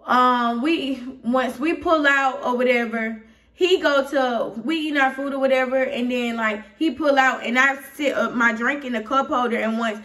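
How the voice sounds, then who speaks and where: High-voiced Atlanta woman telling a story. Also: moderate pace, sharp tone, distant mic. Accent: Southern US, Atlanta. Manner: rambling and candid, frequent "you feel me", growing heated. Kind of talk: casual storytime vlog.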